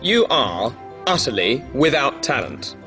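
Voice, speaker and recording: A man's voice: mid-range voice, very animated, a little slow, bright, forceful tone, soft background music. An actor playing a smug male TV producer who speaks curtly. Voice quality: curt, insulting.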